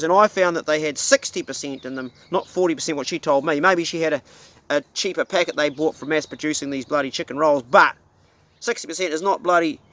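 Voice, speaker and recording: A man's voice: on the high side, a bit bright. A middle-aged man with a New Zealand accent, a hunting vlogger ranting casually to camera in a blunt, profane, folksy way.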